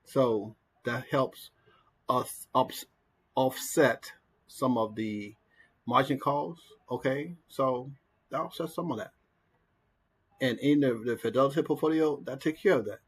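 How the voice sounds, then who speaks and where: A man's voice: mid-range voice, measured pace, breathy edge. A man, casually telling a story in a vlog, acting out what people said and asking "right?" as he goes. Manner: animated storyteller, acts out quotes, says "right?" often. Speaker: investing vlogger. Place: in Colombia.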